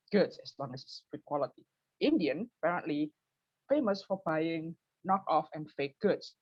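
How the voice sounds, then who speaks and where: Woman cracking self-deprecating jokes at an open mic over a video call, dry dull audio, kinda husky. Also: no echo. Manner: self-mocking, lively, switches to high voice for quoted people. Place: home, early morning.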